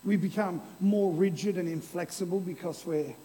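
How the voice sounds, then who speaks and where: A man preaching a lively, playful sermon to a congregation, using an object lesson. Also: sits high, fairly quick, few pauses, in a large hall, rough recording. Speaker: pastor. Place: church hall before a congregation.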